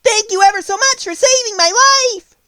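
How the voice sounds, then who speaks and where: A man voicing a tiny, proud female queen mouse with a squeaky, indignant voice in an audiobook. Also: normal speed, bright, forceful tone, dry recording. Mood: squeaky, regal. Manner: indignant, regal. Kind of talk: audiobook character voice.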